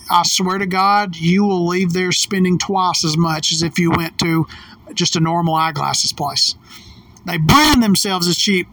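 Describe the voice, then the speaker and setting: A woman's voice: on the low side, a bit bright, no room sound. Woman, casual storytelling, profane and emphatic, dry sound, a little far from the mic. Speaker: vlogger.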